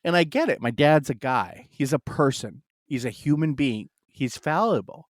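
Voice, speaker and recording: A man's voice: fairly high pitch, lively intonation, normal speed, dry recording, studio quality. A man in casual podcast chat, telling a long personal story with many fillers and asides. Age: adult, married. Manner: rambling and storytelling, full of "like" fillers.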